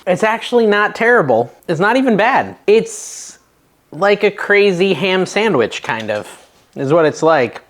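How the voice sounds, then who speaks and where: Lively, chatty man cooking at home. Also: sits high, measured pace. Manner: chatty, nervous and self-deprecating, with sudden excited yelps. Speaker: cooking channel host. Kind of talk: casual cooking vlog. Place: home kitchen.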